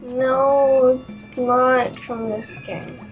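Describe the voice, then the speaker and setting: High, slow-talking woman gamer. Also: level tone, lo-fi sound, faint music behind. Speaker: let's play co-host. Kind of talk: casual gameplay chat.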